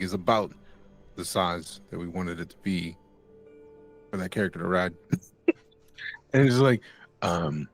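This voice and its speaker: A man's voice: sits low, fairly bright tone. A man playing a tabletop game, joking around in casual chat. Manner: playful, joking. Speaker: player.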